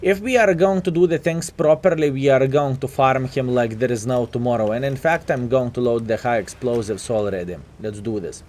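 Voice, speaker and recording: A man's voice: medium pitch, moderate pace, few pauses, a little mellow. Lithuanian guy talking over his tank game, sleepy, chatty, keeps saying fellas. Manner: chatty, calls viewers "fellas". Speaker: gaming commentator. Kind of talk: live gameplay commentary.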